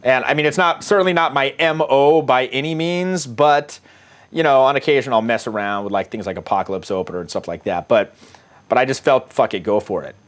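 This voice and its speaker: A middle-aged American man talks through his old dating-app chats like a coach sharing case studies. He rambles, swears freely and chuckles at his own jokes, at a middle pitch. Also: brisk. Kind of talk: casual commentary reading out dating-app messages.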